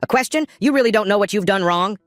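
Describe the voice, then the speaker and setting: A man's voice: medium pitch, lively intonation, fast, dry recording, studio quality, lightly acted. A man doing a furious, overprotective noble father. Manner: shouting, menacing.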